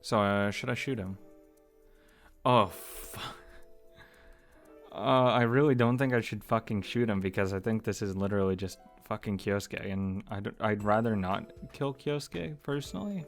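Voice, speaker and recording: Young man, low voice, swears a lot, frustrated game chatter, faint music behind. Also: normal speed, vocal fry. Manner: swears often, frustrated, reads with stumbles. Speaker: let's read host. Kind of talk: casual gameplay commentary and reading aloud.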